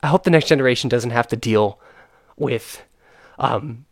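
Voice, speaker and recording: A man's voice: medium pitch, normal speed, no room sound, clean studio sound. A young man hosting a casual talk, earnest and frustrated, with many fillers and restarts. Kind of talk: casual chat.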